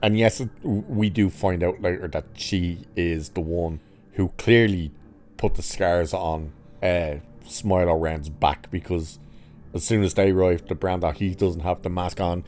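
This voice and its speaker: A man with a low, dark, mellow voice recaps a TV episode in a loose, casual way. He is sarcastic and mocking throughout, swearing freely as he picks apart the plot. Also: steady tone, measured pace. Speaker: reviewer.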